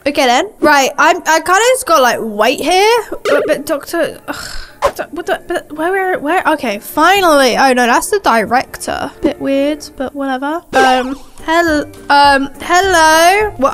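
High-voiced chatty woman gamer. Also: expressive, moderate pace, fairly bright tone, soft background music. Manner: chatty, rambling and sarcastic, with many fillers. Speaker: gaming YouTuber. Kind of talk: casual gameplay commentary.

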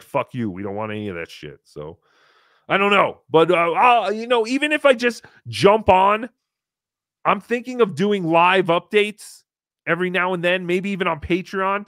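Male call-in podcast host, fairly high voice, dry close mic, wry and rambling with casual swearing. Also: a bit bright, no room sound. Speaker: podcast host taking calls.

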